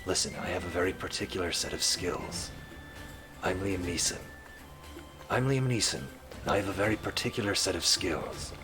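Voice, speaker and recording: A man doing an off-the-cuff impression of a gruff action-movie tough guy, in a low, halting, menacing mumble. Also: music in the background, lightly acted.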